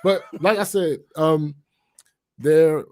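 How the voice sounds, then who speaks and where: A man's voice: fairly high pitch, slow pace. A man co-hosting a podcast in casual chat, blunt and profane, often laughing. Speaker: podcast co-host.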